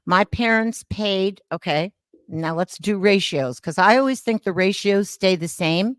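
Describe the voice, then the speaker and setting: A woman in her seventies from New York State, co-hosting a talk show and chatting in an animated way that takes the floor. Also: mid-range voice, a little slow, dry recording, clean studio sound. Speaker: co-host. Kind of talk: casual chat.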